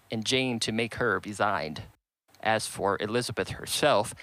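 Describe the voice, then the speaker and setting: Bright-voiced male audiobook reader. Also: mid-range voice, dry recording, poor audio. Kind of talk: audiobook narration.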